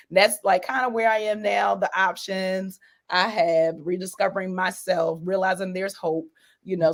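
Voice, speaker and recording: A woman guest on a video call interview, talking casually and rambling with many fillers and frequent laughs. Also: mid-range voice. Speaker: guest, author of a coloring book.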